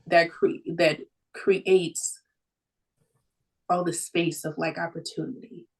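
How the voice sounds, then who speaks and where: Earnest low-voiced woman, podcast guest. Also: level tone, slow pace, rough recording. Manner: reflective and earnest, with frequent "like" fillers and easy laughter. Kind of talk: casual conversational podcast talk.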